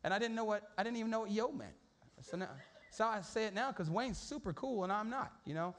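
A man's voice: high-pitched, fast, fairly bright tone. A man preaching a sermon in a casual, storytelling way, often repeating words as he goes. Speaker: pastor.

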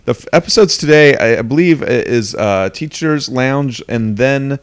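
A man's voice: medium pitch, expressive, moderate pace. A man hosting a podcast, chatting loosely and giggling through restarts. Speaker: podcast host. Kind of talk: casual chat.

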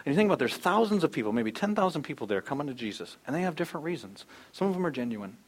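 A man's voice: a little high, very animated, racing, slightly rough. A man in his thirties preaching a sermon as a pastor, conversational and storytelling, acting out the voices in his stories.

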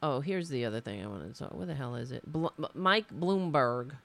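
A woman's voice: very deep voice, lively intonation, a little fast, creaky. A woman hosting a casual political livestream, talking in a rambling, indignant way with frequent restarts. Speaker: livestream host.

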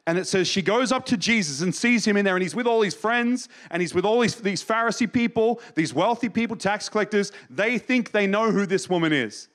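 A man preaching a sermon with passion, moving between raised, urgent delivery and quiet, hushed storytelling. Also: sits high, expressive, fairly quick, few pauses. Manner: impassioned, swings from raised to hushed.

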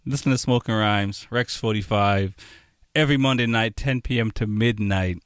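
A man hosting a poetry radio show, talking casually and haltingly. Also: on the low side, clear, resonant tone, no echo, studio quality. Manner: halting, with fillers and restarts. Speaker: radio host. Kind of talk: casual radio host chat.

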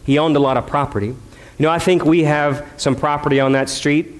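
A man's voice: a little high, fairly even intonation, a little fast. A male pastor preaching a sermon in a conversational, dramatic way, asking the crowd questions and acting out the voices he quotes.

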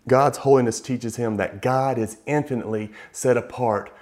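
A man preaching a sermon, emphatic, slowing down to stress key words. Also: mid-range voice, fairly even intonation, a little mellow.

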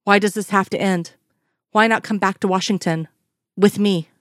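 A woman's voice: medium pitch, steady tone, moderate pace, no room sound, studio quality, lightly acted. A woman reading a stern, guarded man. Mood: pleading. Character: stern middle-aged man, guarded and proud. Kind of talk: fan fiction read aloud.

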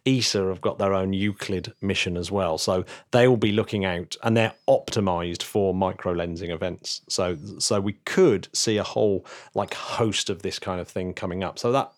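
A male podcast host in loose, casual chat, talking in a slightly low voice. He rambles, restarts his sentences and often breaks into laughter. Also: normal speed, few pauses. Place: remote call.

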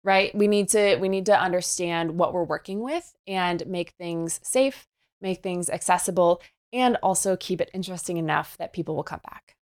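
A young woman speaking as a fitness trainer in an interview, with a slightly low, easy voice. She explains things in an upbeat, coaching way, with lots of practical asides. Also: moderate pace, darkish tone. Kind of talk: podcast interview conversation.

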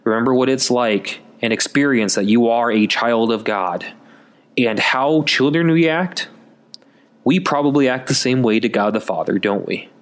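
A man's voice: medium pitch, moderate pace. A man giving a conversational Catholic Advent sermon in a folksy, chatty way, calling listeners folks. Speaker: Catholic preacher.

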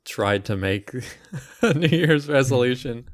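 A man co-hosting a comedy podcast in casual banter. His pitch is lively and swoops widely. He mocks himself and laughs easily. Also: a little slow, no echo, studio quality. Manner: animated, laughing, self-mocking. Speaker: podcast co-host.

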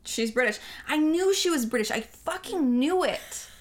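A woman co-hosting a podcast in casual chat, excitable and swearing a lot. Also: high voice, moderate pace. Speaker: podcast co-host.

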